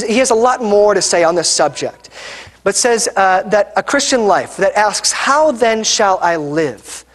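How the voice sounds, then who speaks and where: A man's voice: high voice, big-room sound. A young adult man and pastor preaching a sermon in a conversational, storytelling way, with many fillers and restarts.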